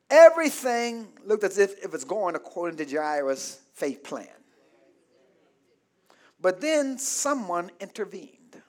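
High-voiced preaching man. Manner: preaching, calls to the congregation, rising to shouts. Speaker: pastor. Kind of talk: call-and-response sermon.

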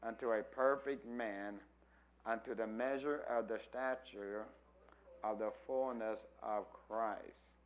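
A man pastor preaching a call-and-response sermon, asking the congregation questions and stretching key words slowly for emphasis. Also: lowish voice, steady tone. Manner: rises from quiet teaching to loud emphatic preaching.

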